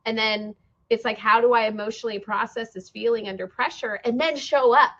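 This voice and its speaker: A woman's voice: fairly high pitch, fairly even intonation, a little fast, fairly bright tone, dull audio. A woman hosting a podcast, speaking earnestly and reflectively in casual conversation. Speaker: podcast host.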